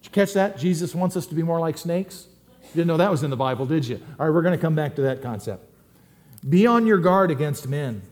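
A man gives a sermon in a relaxed, conversational manner. His voice sits a little high for a man, and he often repeats a word or two before a thought gets going. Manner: conversational, repeats words when starting sentences. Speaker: pastor.

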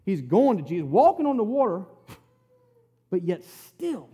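A man's voice: high-pitched, big pitch swings, measured pace, mellow, slightly rough. A man preaching a conversational sermon, retelling scripture in plain, folksy, emphatic words.

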